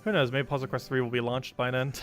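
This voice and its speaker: Faint music plays behind a young male streamer whose medium-pitched voice stays level at a moderate pace, with a fairly bright tone. He rambles casually about game strategy and answers chat, leaning heavily on fillers like um and like.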